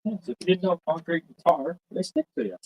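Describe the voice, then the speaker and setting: A man's voice: high-pitched, quick pace, darkish tone, slightly rough, poor audio. A young man who is tired after a day of manual work, making brief, casual remarks.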